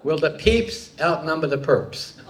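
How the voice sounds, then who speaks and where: A man's voice: fairly high pitch, expressive, a little slow, a crowd in the background. A man performing a live stand-up comedy set, delivering puns to an audience in a hall. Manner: punning, playful delivery with audience laughter.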